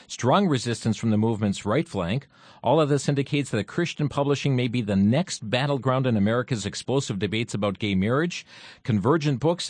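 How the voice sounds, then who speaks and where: Halting male radio talk host. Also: medium pitch, no echo. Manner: halting, many fillers and restarts. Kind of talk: radio talk show commentary.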